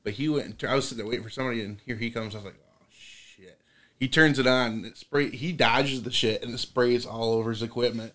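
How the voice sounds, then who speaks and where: A man co-hosts a relaxed podcast chat and tells an easygoing story with casual swearing. He laughs often and sounds at ease. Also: mid-range voice, fast, few pauses. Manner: laid-back, laughing, profane storytelling. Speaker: podcast co-host.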